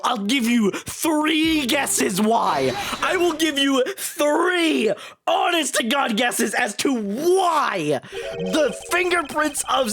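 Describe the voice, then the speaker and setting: A young woman streamer ranting loudly and profanely at a game, often breaking into laughter. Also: high-pitched. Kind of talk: live game stream commentary.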